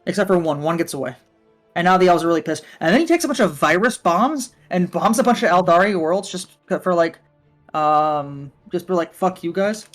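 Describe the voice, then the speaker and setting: High-voiced man telling a rambling story. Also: expressive, brisk, faint music behind. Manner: rambling, with frequent fillers and swearing. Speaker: guest on a livestream. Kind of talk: casual storytelling chat. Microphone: voice call from a computer.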